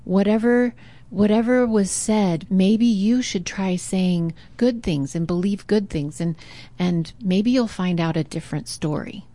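A woman voicing a calm mother who gives gentle advice in a soft, whispery voice. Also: mid-range voice, a little slow, natural voice. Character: calm, gentle mother advising her son.

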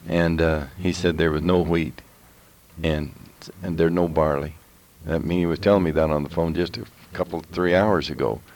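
A man's voice: low-pitched, steady tone, normal speed, darkish tone. A man co-hosting a Christian talk show, urging his listeners directly in a preaching manner. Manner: exhorting, direct address to listeners. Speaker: co-host.

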